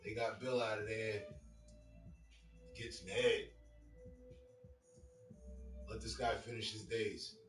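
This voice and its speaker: A man's voice: fairly low pitch, little pitch movement, takes it slowly, pauses often. A man giving casual reaction commentary on a clip, talking loosely and repeating phrases over and over to pick them apart. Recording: roomy, distant mic, music behind.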